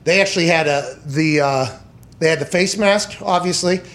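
A man's voice: a little high, normal speed. A man hosting a sports podcast, telling crude comic stories in a loose, joking way. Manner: animated, crude joking, building comic rants. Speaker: podcast host. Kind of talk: casual sports chat.

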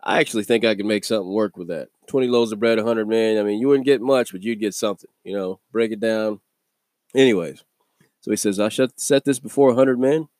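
A man hosting a daily devotional video, teaching from the Bible in a relaxed, conversational way and chuckling between thoughts. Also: lowish voice, quick pace, dry recording, studio quality.

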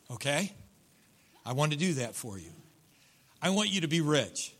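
A man's voice: a little high, big pitch swings, normal speed, pauses often, a bit bright. A middle-aged man preaching a sermon in a church, folksy and joking, acting out voices from his congregation. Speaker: pastor. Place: church sanctuary.

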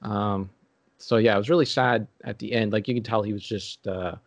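A man in casual chat, rambling and halting with many restarts and fillers. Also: fairly low pitch, fairly even intonation, no room sound.

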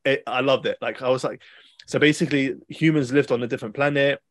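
A man's voice: medium pitch, quick pace, no room sound. Rambling young man, dry sound. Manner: rambling, animated storytelling with many fillers and restarts. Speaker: podcast host. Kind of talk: casual chat.

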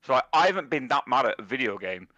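A man's voice: mid-range voice, sing-song, fast, pushed and bright, no room sound. A young man co-hosting a casual podcast chat, ranting with heavy swearing and calling his listener "mate" and "bruv" over and over. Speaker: podcast co-host. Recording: dull dry recording.

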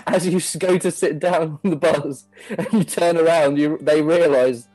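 A man's voice: fairly high pitch, steady tone, moderate pace, darkish tone, faint music behind. A man narrating a comedic tabletop game as game master, in a loose, chatty way. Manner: loose, chatty, laughing and restarting.

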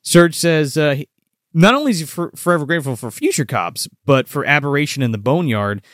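A man's voice: fairly high pitch, expressive, brisk, a bit bright, no echo, studio quality. A man in his thirties or forties co-hosting a live-streamed show, rambling and swearing as he reads chat comments. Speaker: podcast co-host.

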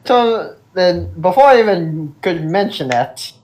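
A man co-hosting a podcast, chatting in a laid-back, unhurried way. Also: sits high, expressive, a little mellow. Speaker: podcast co-host. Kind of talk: casual chat.

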